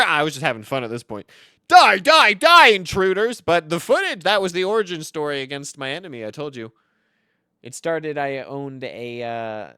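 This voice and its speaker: A man giving comedic card-game commentary, boastful and theatrical, swinging between loud outbursts and low mutters. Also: clear, resonant tone, no echo, clean studio sound.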